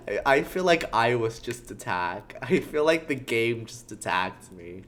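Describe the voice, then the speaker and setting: A woman's voice: extremely low pitch, big pitch swings, a little slow, few pauses, a little hiss or hum. A woman streamer chatting playfully while playing through a game and laughing at herself. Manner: playful, self-mocking, laughs often. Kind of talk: casual game playthrough chat.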